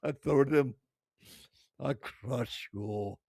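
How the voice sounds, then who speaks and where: A man putting on a booming Russian strongwoman. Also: creaky, no echo, clean studio sound, heavily acted. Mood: boastful. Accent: mock Russian. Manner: loud, slow, menacing tough-guy delivery. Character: strongwoman with a thick Russian accent, boastful.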